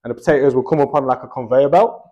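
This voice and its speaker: A man's voice: medium pitch, rapid-fire, lo-fi sound. A young Australian man telling a rambling story in casual chat, dotting his talk with "like" and "bro".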